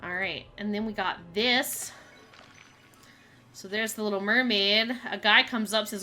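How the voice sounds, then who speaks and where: A woman's voice: medium pitch, steady tone, a little slow, long pauses, bright, forceful tone, faint music behind. A young woman streamer chatting casually while playing a mystery game, reading its text aloud and laughing often. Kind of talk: casual gameplay commentary. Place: home streaming setup.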